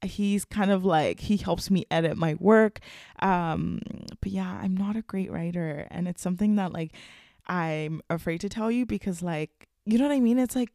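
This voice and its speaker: A woman's voice: on the low side, moderate pace, mellow, dry recording, clean studio sound. Frank, chatty young woman podcasting solo. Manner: frank, chatty, filler-heavy, laughs often. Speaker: podcast host. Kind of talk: casual solo podcast talk.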